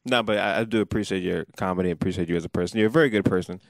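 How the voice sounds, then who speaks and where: Low, gravelly male podcast co-host, slow and halting, dry close mic. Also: no room sound. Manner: slow, hesitant, fillers like uh. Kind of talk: casual chat. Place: studio in Richmond, Virginia.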